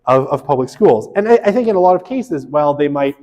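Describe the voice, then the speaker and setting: In a big-room recording of a university lecture, a sociology instructor with a fairly high, mellow voice talks fast with lively intonation. His casual, joking lecture is packed with fillers and tag questions like "right?"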